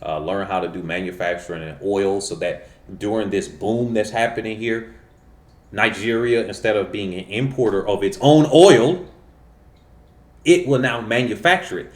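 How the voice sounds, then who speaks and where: A man's voice: fairly low pitch, normal speed. A man hosting his own channel, talking in a casual, rambling monologue full of fillers and self-corrections. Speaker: channel host. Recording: roomy echo.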